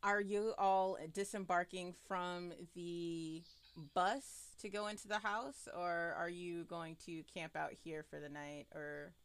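A woman's voice: on the low side, steady tone, slow, clean tone, dry recording. A woman running a tabletop horror game as game master, laughing often and using many fillers.

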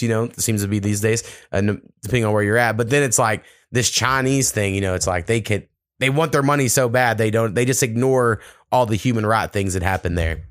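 A man's voice: fairly low pitch, fairly bright tone, no echo, clean studio sound. A man hosting a podcast, chatting casually and bluntly, swearing freely. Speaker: podcast host. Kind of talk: casual chat.

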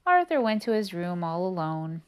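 A woman reading a picture book aloud to a child, expressive and adding chatty asides. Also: medium pitch, normal speed, a little hiss or hum. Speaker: reader to a child.

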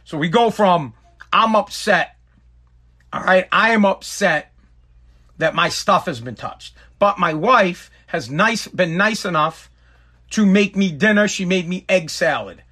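A man with a high-pitched voice hosts a casual podcast. He rants in an exasperated, emphatic way and keeps hammering the same complaint over and over. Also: lively intonation, a little slow, pushed and bright, husky. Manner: exasperated, emphatic, repetitive ranting. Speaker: podcast host.

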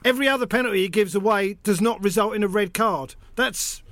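A man with a high voice co-hosting a casual football chat, making dry, wry remarks. The recording is close and dead, with no room sound. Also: fairly quick, fairly bright tone, no room sound.

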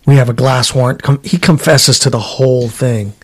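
A middle-aged man, a former trooper, telling stories in a casual chat, animated and swearing, acting out what people said. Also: medium pitch, normal speed, breathy edge. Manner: animated storyteller, swears, acts out quotes.

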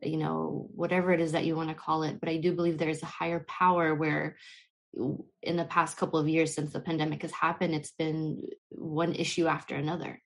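Low-voiced young woman, heartfelt. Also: little pitch movement, a little fast. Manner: passionate, flowing, heartfelt. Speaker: podcast guest. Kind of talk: heartfelt spiritual conversation.

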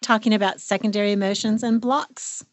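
A woman's voice: medium pitch, steady tone, fairly quick, very noisy. A woman, a therapist co-hosting a podcast, speaking in an earnest, personal way. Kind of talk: casual podcast conversation.

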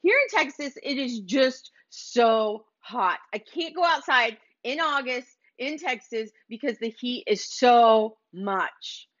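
A woman's voice: a little high, lively intonation, takes it slowly, few pauses, a bit bright, lo-fi sound, full character voice. A woman voicing a grown man who complains bitterly, in a whining, exasperated way. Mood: whiny.

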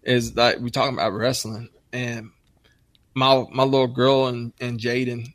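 A bright, forceful male voice, animated and full of swearing as he tells stories in casual chat. He acts out the lines he quotes. The sound is dry and close. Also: medium pitch, measured pace, no echo.

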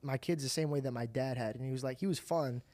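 A man's voice: mid-range voice, fast. A man in his thirties hosting a podcast, telling stories with acted-out voices and lots of swearing. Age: 30s. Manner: animated storyteller acting out voices, swears freely. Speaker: podcast host. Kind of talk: casual chat.

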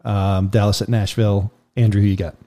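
A man co-hosting a casual sports podcast, leading the group through game predictions in an easygoing, measured way. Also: lowish voice, little pitch movement, dark tone. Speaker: podcast co-host running the predictions.

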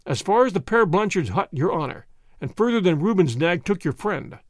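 A man voicing an obsequious, cringing old man who speaks humbly and deliberately. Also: sits high, big pitch swings, no echo, clean studio sound. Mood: eager. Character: obsequious cringing old male cart owner.

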